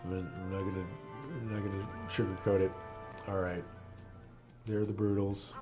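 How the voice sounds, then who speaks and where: A man's voice: deep voice, level tone, normal speed, over music. A man rabbi chatting casually on a live stream while playing a game, earnest and moved, laughing often.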